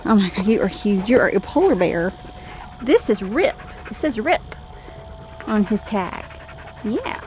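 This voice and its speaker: A woman's voice: mid-range voice, very animated, measured pace, long pauses, darkish tone, slight background noise. A Texan woman vlogging outdoors, coaxing stray dogs in a soothing way and chatting to the camera. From Texas. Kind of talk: casual vlog narration. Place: outdoors in heat on rural property.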